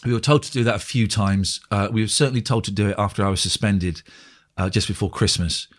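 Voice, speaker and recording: Man, radio presenter, casual interview, animated storytelling, frequent swearing. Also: on the low side, quick pace. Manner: animated storyteller who acts out his own quoted lines, swears freely.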